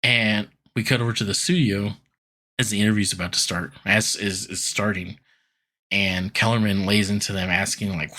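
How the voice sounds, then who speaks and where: Male podcast co-host, forceful and a bit raspy, loose filler-heavy recap chat. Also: lowish voice, steady tone, moderate pace. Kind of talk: casual chat recapping a cartoon episode.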